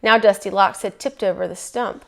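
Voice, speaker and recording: A woman reading a picture book aloud in a lively, folksy storytelling manner. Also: mid-range voice, normal speed, creaky.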